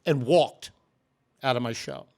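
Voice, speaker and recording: A man's voice: medium pitch, measured pace, vocal fry. A man, a guest comedian, telling stories on a podcast, swearing and acting out the voices of people in them. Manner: animated, acts out voices, swears freely. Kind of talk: storytelling on a podcast.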